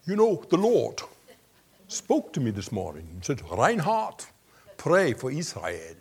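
A man's voice: medium pitch, wildly swooping pitch, a little slow, creaky, husky, exaggerated voice. A man putting on the voice of an older evangelist who keeps questioning an instruction he doesn't understand. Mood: puzzled.

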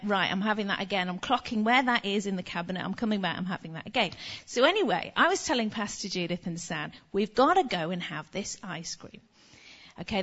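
An English woman preaching in a relaxed, conversational way, her pitch sitting a little high and swinging widely as she tells her story. The recording sounds slightly muffled and dull. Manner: chatty, animated anecdote-telling.

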